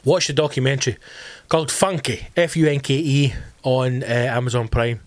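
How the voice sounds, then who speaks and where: A Scottish man with a Glasgow accent, in his thirties, hosting a solo comedy podcast from home, animated, swearing freely and calling his listeners team. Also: medium pitch, moderate pace, dry recording. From Scotland. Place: home during lockdown.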